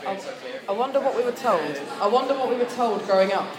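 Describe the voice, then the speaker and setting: A woman's voice: fairly high pitch, expressive, fast, reverberant, a crowd in the background. A woman giving a sermon to students, telling a personal story in a chatty, self-deprecating way with plenty of fillers. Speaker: speaker at a student church meeting.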